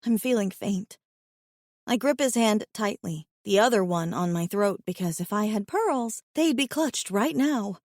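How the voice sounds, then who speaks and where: A woman reads a first-person romance audiobook in an unhurried, deliberate way, her tone expressive and wryly self-aware. Her voice sits mid-range and the recording is dry and close, with no room sound. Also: medium pitch, no echo. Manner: expressive, wry inner monologue. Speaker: audiobook narrator.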